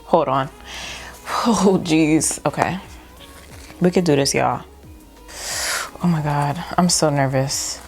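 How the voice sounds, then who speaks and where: A young woman vlogging at home, nervous and exclaiming as she talks through the steps, often saying "y'all". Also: fairly low pitch. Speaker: beauty vlogger. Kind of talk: casual vlog narration.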